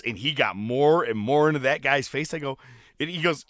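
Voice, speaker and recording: A man co-hosting a casual wrestling recap podcast, animated and laughing, acting out quotes as he talks. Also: mid-range voice, fairly quick, dry recording, studio quality. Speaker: podcast co-host.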